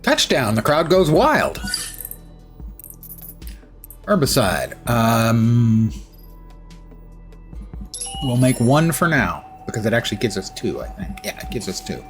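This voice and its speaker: A man's voice: medium pitch, very animated, a little slow, long pauses, faint music behind. Wry man streaming a game. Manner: wry, self-mocking asides. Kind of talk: casual gameplay commentary.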